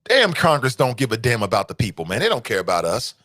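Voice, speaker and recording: A man's voice: quick pace, dry recording, studio quality. Fired-up talk show host, man. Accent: Cincinnati, Ohio. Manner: animated, repeats rhetorical questions, jumps to high exclamations. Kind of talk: fired-up solo commentary.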